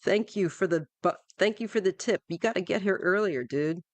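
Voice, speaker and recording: A woman's voice: on the low side, brisk, no echo. A woman doing a casual live-stream tarot reading, chatty and rambling, with asides and fillers. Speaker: tarot reader. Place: home in Northern California.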